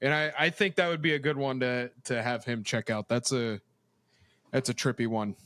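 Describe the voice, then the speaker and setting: A man's voice: medium pitch, steady tone, moderate pace, a bit bright, no room sound. A man on a casual podcast, giving blunt opinions with swearing and frequent laughs. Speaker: podcast co-host. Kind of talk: casual chat.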